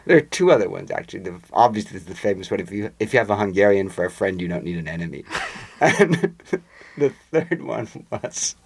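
A man's voice: low voice, fairly quick. A man being interviewed, telling long anecdotes in a conversational way and acting out the voices of the people in them. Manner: animated raconteur, acts out quoted voices. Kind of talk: conversational storytelling.

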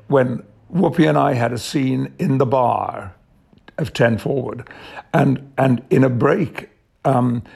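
An older man with an English accent, an actor guest in a radio interview, speaking in a measured, thoughtful way. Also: medium pitch, darkish tone. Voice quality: gravelly and husky. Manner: measured, thoughtful, reflective storytelling.

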